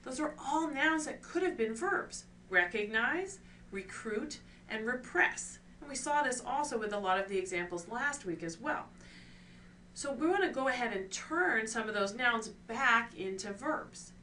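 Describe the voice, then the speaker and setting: Woman course lecturer with a bright, forward tone, teaching clearly with rhetorical questions, recorded from a little way off. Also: fairly high pitch, expressive, measured pace. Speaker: course instructor. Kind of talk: recorded lecture on scientific writing. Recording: distant mic with faint ambient noise.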